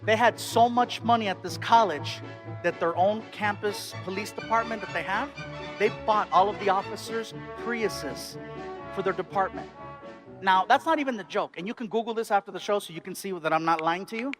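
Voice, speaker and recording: A man doing stand-up comedy on stage, telling a story in an animated, excitable way and acting out the scenes. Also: high-pitched, moderate pace, over music.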